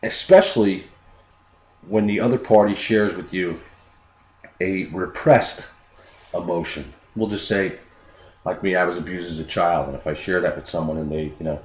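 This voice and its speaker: This man's voice sits low and is a little mellow; he moves at a moderate pace with long pauses through an unscripted self-improvement talk. His manner is earnest, with repeated words and acted-out quotes, recorded in an echoey space with faint noise.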